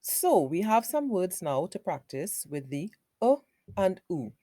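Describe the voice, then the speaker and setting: A woman teacher giving a phonics lesson for young children, sounding out words slowly in parts. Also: fairly low pitch, sing-song, mellow, no room sound, clean studio sound.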